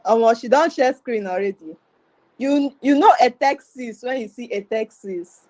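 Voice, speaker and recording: A woman's voice: fairly high pitch, moderate pace, darkish tone, dry recording, poor audio. A Nigerian woman co-hosting an online webinar, hyping up speakers with energy and teasing, slipping into Pidgin. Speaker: webinar co-host. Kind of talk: lively casual chat with Pidgin.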